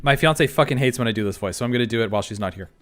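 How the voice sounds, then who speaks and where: A man's voice: mid-range voice, rapid-fire, a bit bright. A young man streaming live, chatting casually in a self-deprecating way and often restarting his sentences. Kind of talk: casual livestream chat.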